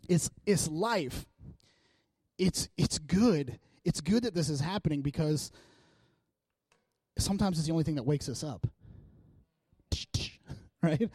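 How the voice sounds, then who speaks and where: A man's voice: fairly high pitch, moderate pace, no echo. A male pastor preaching a sermon in a casual, joking, fervent way, urging his congregation on. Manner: casual, joking and energetic, with frequent laughs.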